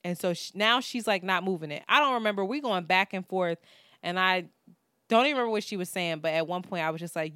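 A woman's voice: lowish voice, fast, sharp tone, clean tone, no room sound, clean studio sound. A woman, co-hosting a podcast and telling a story in casual, profane talk, acting out what people said. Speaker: podcast co-host.

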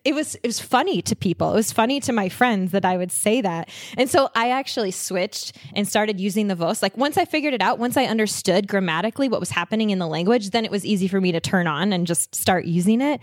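A woman's voice: medium pitch, dry recording, studio quality. A woman chatting enthusiastically as a guest about travel and languages, laughing often. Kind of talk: casual travel chat.

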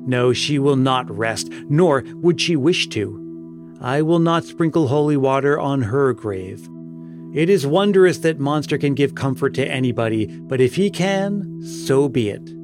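Read by a man, a devout old priest speaks in fervent, pleading tones at a middling pitch. Soft music plays under the storybook reading. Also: lively intonation, unhurried, natural voice. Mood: grave. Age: older. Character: devout old male village priest, anguished.

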